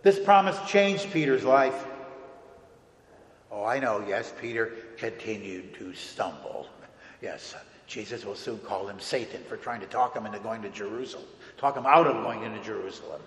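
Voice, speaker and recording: A man preaching a sermon as a pastor, earnest and deliberate, with dramatic pauses, recorded in a church sanctuary. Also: on the low side. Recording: echoey hall with long reverb.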